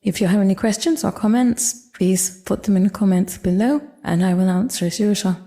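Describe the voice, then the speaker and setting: A woman teaching a language lesson, explaining step by step in a clear, measured way. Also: medium pitch, warm tone.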